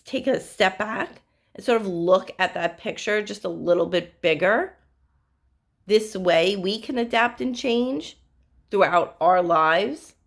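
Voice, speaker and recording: A woman psychic medium giving spiritual advice to her viewers, telling stories in an earnest, direct way. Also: on the low side. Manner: earnest, storytelling, direct address.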